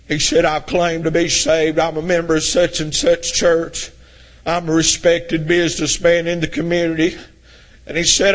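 High, bright-voiced preacher shouting. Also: male voice, steady tone, a little slow. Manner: swings between shouting and low intense tones. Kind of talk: fiery sermon.

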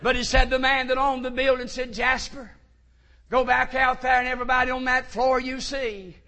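A man preaching a sermon, telling stories and rising to shouted fervor. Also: extremely high pitch, flat delivery, moderate pace. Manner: rises to shouted fervor in quoted lines. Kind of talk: sermon storytelling.

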